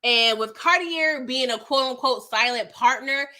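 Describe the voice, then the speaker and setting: Young female recap host, bright forward tone, casual and slangy, exasperated asides. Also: high voice, unhurried. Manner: chatty and slangy, reacting with exasperation. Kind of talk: casual live episode recap.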